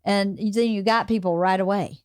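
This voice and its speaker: A woman's voice: medium pitch, fairly even intonation, normal speed, smooth, no echo, studio quality. A woman with a Southern American accent hosting a casual podcast interview, chatty and acting out quoted voices. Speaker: podcast host.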